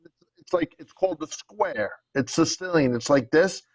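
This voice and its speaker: A man's voice: fairly high pitch, moderate pace, no echo, low-quality recording. A middle-aged man from Brooklyn, chatting casually as a comedian guest and telling stories animatedly. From Brooklyn, New York. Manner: animated storyteller, acts out quotes. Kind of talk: casual chat. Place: home, remote call.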